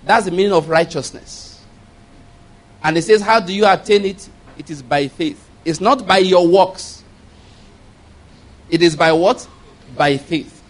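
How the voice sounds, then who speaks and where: A man preaching a sermon, driving points home with repetition and call-and-response questions to the congregation. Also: sits high. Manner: emphatic call-and-response preaching, repeating key phrases.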